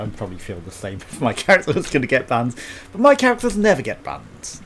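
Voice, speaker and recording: A man's voice: mid-range voice, wildly swooping pitch, fast talker, fairly bright tone, slight background noise. A young man giving casual, teasing commentary while streaming a game, swearing and laughing often.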